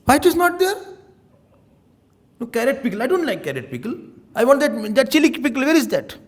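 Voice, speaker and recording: A man's voice: very high voice, big pitch swings, brisk. A man voicing a fussy, demanding middle-aged husband who nags his wife. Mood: petulant. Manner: nagging, whiny, keeps calling for his wife.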